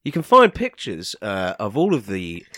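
A man from England co-hosting a comedy podcast, crude and teasing, quick to complain and mock his partner. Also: lowish voice, huge pitch swings, bright, forceful tone. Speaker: podcast co-host. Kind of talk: casual comedic banter.

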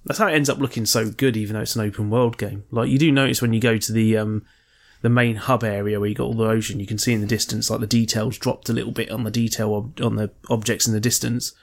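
A man's voice: fairly low pitch, flat delivery, fast talker, gravelly, few pauses. Swearing, rambling man in casual chat. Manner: profane, rambling, joking. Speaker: podcast co-host.

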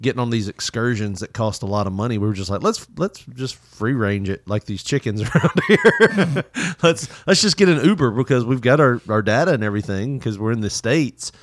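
A man's voice: medium pitch, lively intonation, fairly quick, no room sound, clean studio sound. Laughing, rambling man in casual chat. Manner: laughs often, loose rambling storytelling with swearing.

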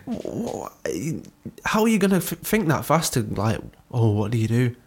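A man's voice: medium pitch, big pitch swings, normal speed, darkish tone, slightly rough. A young man co-hosting a podcast, telling a story in a rambling, sweary, laughing way. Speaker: podcast co-host. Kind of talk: casual chat.

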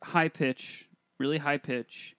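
A man's voice: on the high side, steady tone, takes it slowly, fairly bright tone, smooth, no echo, clean studio sound. Man deadpanning as a casting director. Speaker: improv performer. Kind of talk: improvised comedy sketch.

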